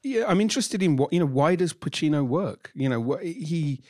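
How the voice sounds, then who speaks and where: A man's voice: a little high, expressive, moderate pace, darkish tone, dry recording, studio quality. A man who programs films, talking casually with witty asides and analytical points, often saying "you know". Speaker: film programmer guest. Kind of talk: casual discussion.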